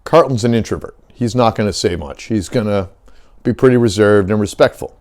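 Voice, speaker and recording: A man's voice: on the low side, fairly quick, darkish tone. A middle-aged man hosting a fishing channel, talking in a heated, blunt and profane way in a casual rant. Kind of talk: casual ranting vlog.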